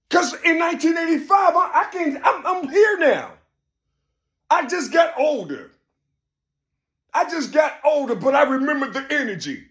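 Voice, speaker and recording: A man in his fifties, alone at home, talking in an emphatic, preachy monologue that keeps breaking into shouts. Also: extremely high pitch. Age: 50s. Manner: emphatic, preachy, repeats "you see", bursts into shouting. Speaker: video blogger. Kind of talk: solo monologue rant.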